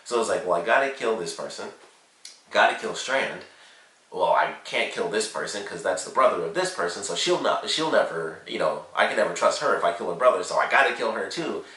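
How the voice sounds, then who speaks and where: A man's voice: fairly low pitch, animated, brisk, pushed and bright, far from the mic. A man giving a casual, rambling recap and review of a TV episode, full of "like" and "you know". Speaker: TV show reviewer. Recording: roomy echo, set back from the mic.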